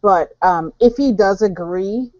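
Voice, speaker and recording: A woman's voice: mid-range voice, slow, a little mellow, no room sound, muffled recording. A woman playing a tabletop game online, chatty and giggly. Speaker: player.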